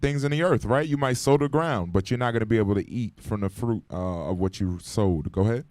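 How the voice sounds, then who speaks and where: A man's voice: on the low side, brisk, a little mellow, no echo, clean studio sound. A man teaching an informal Bible class in a room full of people. He talks to them casually and with urgency, and he keeps asking for their responses. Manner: conversational and urgent, calling for responses. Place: classroom gathering. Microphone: microphone.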